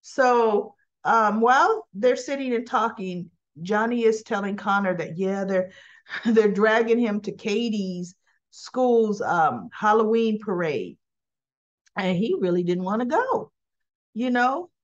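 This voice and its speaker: A woman's voice: mid-range voice, lively intonation, slow pace, lo-fi sound. A woman hosting a casual spoken recap of a soap opera episode. She rambles in a chatty way and fills her talk with "you know" and "um".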